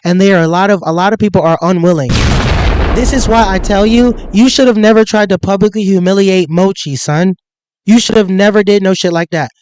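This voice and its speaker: A man's voice: sits high, fairly quick, noisy background. A young man ranting profanely and confrontationally on a livestream, insulting the people he talks about. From United States. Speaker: streamer.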